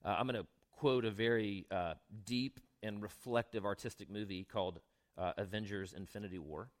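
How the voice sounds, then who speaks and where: A man's voice: on the low side, normal speed. Man preaching a conversational sermon. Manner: conversational, asks the congregation questions. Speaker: pastor.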